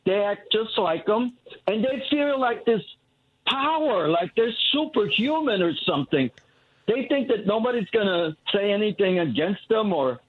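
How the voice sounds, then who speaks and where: A man's voice: high voice, animated, moderate pace, husky. A man calling in to a radio show, rambling with many restarts. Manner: rambling, restarts often, acts out quoted people. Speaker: caller. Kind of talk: call-in radio talk. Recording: tinny phone line.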